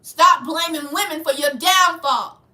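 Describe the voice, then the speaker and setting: A woman with a high, bright, sharp voice delivers a heated livestream rant, preachy and confrontational. She sits back from the mic in an echoey room. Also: a little slow, far from the mic. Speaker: channel host.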